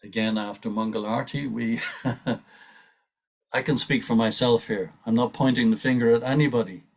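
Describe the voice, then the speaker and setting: A man leading a devotional scripture class, speaking earnestly and urgently, often restarting his sentences and laughing softly. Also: medium pitch, steady tone, moderate pace, distant mic. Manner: earnest, urging, with frequent restarts and small laughs. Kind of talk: reflective scripture class talk.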